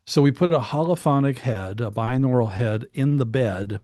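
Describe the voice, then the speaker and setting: Here a man with a mellow, mid-range voice speaks at a moderate pace as an interviewed guest. He shares casual anecdotes about working in the studio, often restarting and going off on asides. There's no echo.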